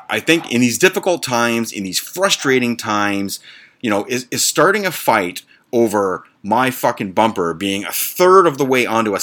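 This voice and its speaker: A man's voice: on the low side, a bit bright. A man hosting a podcast, telling a story in a blunt, profane, exasperated rant. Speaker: podcast host.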